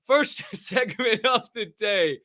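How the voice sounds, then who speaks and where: Young male host, rowdy and profane, lively pitch, slightly high. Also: takes it slowly, no echo. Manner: rowdy, joking, swears a lot, laughs at himself. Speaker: podcast host. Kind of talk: loose, profane livestream chat.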